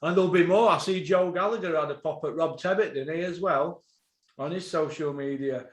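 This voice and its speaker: A man hosting a boxing podcast, ranting, swearing and bursting into shouts. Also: fairly high pitch, fairly quick, roomy sound.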